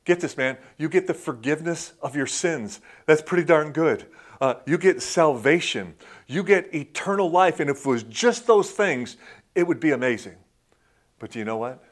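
A man preaching a sermon in a conversational way, often dropping into soft, intimate tones and saying "man". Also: on the high side, lively intonation, moderate pace. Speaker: pastor.

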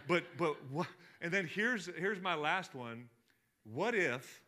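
A man preaching a sermon as pastor, animated, dropping to a hush and then building up loud, often repeating his words. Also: a little high, slow. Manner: animated, swings from hushed to loud, repeats himself.

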